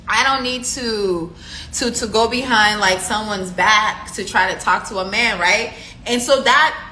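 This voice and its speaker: A woman's voice: on the high side, normal speed, echoey room, slight background noise, rough recording. A woman telling a story to her viewers in a casual, chatty way, acting out what each person said and filling gaps with "like" and "you know.". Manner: animated, chatty, full of fillers, acts out quotes.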